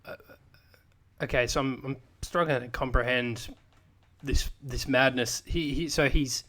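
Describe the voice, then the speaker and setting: A man co-hosting a podcast, halting and repeating words, in mock outrage. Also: mid-range voice, steady tone, pushed and bright. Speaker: podcast co-host. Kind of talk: casual chat.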